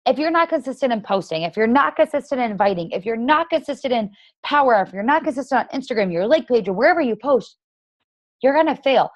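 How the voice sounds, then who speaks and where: A woman's voice: fairly high pitch, expressive, fast, no room sound. A woman leading a motivational team call for her fitness coaches, talking in a blunt, emphatic, casual way with lots of "like" and "literally".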